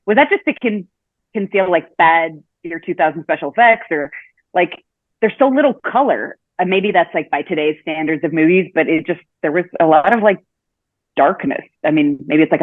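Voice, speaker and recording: A woman's voice: on the low side, no room sound. Woman on a tinny remote call line. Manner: hesitant, many fillers and restarts. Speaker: podcast guest. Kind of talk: casual podcast chat.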